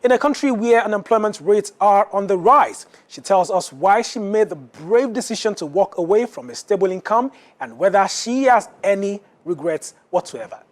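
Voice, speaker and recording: A woman's voice: mid-range voice, expressive, normal speed, few pauses. A woman presenting a news programme with polished scripted delivery.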